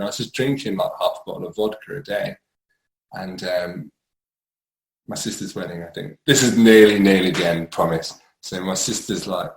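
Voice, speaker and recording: A man's voice: low voice, echoey room, low-quality recording. A young man telling his own addiction story candidly, rambling with many fillers and restarts and laughing at himself. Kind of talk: candid personal monologue.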